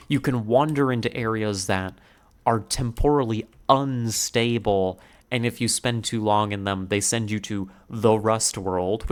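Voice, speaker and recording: A male streamer talking in casual live-stream chat, rambling excitedly and swearing now and then. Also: on the low side, clear, resonant tone.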